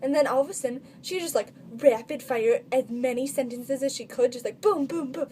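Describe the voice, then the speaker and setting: Teen girl vlogging, kinda high voice, mellow tone, says like a lot, faint hiss behind. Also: a little fast. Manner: chatty, constant filler "like". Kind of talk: casual storytelling vlog.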